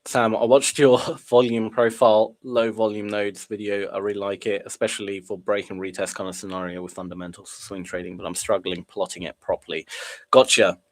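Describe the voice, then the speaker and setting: A man's voice: lowish voice, flat delivery, brisk. A young man with a cold, casually narrating his live trading and chatting with viewers. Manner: casual, chatty, reads chat aloud and reacts. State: sniffly with a cold. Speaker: day trader streaming live. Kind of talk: live trading stream commentary.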